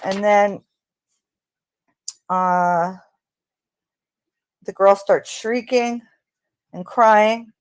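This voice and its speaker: A woman hosting a true crime channel, talking casually in an unhurried, hesitant way with frequent ums. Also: medium pitch, no room sound. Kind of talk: casual spoken commentary.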